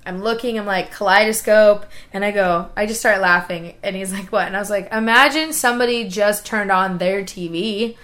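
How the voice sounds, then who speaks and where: Bright-voiced rambling woman storyteller. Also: medium pitch, moderate pace, hardly any pauses. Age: 40s. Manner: rambling storyteller, laughs often. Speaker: podcast co-host. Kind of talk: casual chat.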